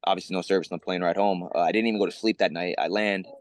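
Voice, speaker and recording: A man in his thirties, a fighter on a media call, talks quickly in a low voice. He repeats words as he gets fired up and swears often. The sound is dry and close. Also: no echo. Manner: excited, profane, repeats words. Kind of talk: casual press call talk.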